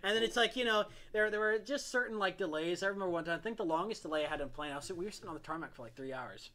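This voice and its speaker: A man co-hosting a podcast, chatting in an animated, talkative way and laughing easily. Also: high-pitched, rapid-fire. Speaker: podcast co-host. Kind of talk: casual chat.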